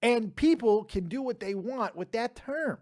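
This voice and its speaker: Brash, animated podcast host man. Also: extremely high pitch, a little slow. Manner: brash, profane, animated ranting. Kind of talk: call-in podcast chat.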